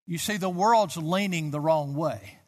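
Unhurried and a little high, the sixty-something Baptist pastor's voice drives an emphatic sermon that rises to fervent peaks. The recording has a long hall reverb.

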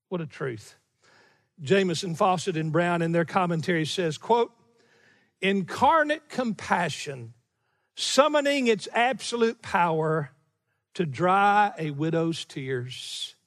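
A middle-aged man delivers a sermon from the pulpit. His voice sits high for a man and rings out with a long hall reverb. He presses hard on key phrases, drawing them out slowly, and breaks into small chuckles between points. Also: a bit bright. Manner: emphatic preaching, slowing for key phrases, chuckling asides. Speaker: pastor. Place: church sanctuary.

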